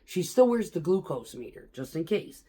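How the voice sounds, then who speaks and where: A woman's voice: on the low side, very animated, normal speed, warm tone, slightly rough. Chatty, laughing woman telling work stories. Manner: chatty, profane, laughs often. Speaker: vlogger. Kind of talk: casual storytelling vlog.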